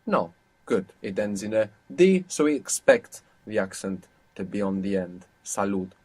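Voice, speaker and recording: A man's voice: fairly low pitch, sing-song, unhurried, a little mellow, slightly rough. Patient male language teacher. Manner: patient, explains step by step. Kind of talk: audio course instruction.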